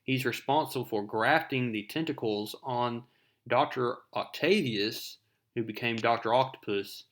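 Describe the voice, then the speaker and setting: Give me a man with an average-pitched voice recapping a comic book in a relaxed, chatty way. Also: a little slow. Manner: conversational storytelling with fillers.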